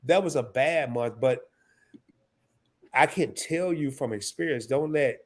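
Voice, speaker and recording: A man's voice: mid-range voice, measured pace. A man in his fifties hosting a live stream, casual and emotional, sniffling and stammering through restarts as he talks. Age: 50s.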